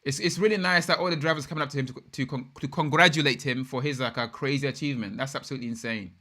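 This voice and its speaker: A young man hosting a live race watch-along, reacting in an excitable, slangy way and chatting with viewers. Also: medium pitch, very fast. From United Kingdom. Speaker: live stream host.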